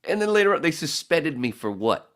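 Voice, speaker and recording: A man's voice: on the high side, fairly quick. A man hosting a podcast, telling a rambling, profane story in casual chat. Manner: profane, rambling, animated when acting out the story. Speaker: podcast host.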